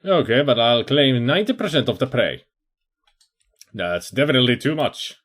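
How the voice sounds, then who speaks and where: A cunning middle-aged crook who deals in stolen goods, as a man puts him on. He talks in a deliberately overdone fake accent, with a pitch that rises and falls a lot. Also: lively intonation, a bit bright. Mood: bargaining. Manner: put-on exaggerated accent.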